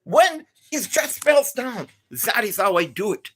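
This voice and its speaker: A woman with an accent, an energetic and enthusiastic gaming streamer chatting live to viewers. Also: medium pitch, normal speed, husky. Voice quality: non-native accent.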